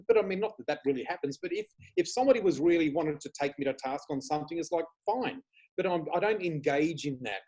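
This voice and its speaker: A man with an Australian accent, a guest chatting casually, telling lively stories and laughing often. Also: fairly high pitch, fast talker. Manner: animated storyteller, laughs often, swears casually. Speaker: guest, flower reader. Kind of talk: casual chat.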